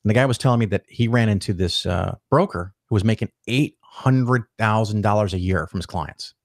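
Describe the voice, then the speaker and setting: Brief: man, podcast guest, lively profane storyteller, dry close sound. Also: fairly low pitch, brisk, no room sound. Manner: animated, profane, acts out quoted voices. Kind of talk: casual storytelling interview.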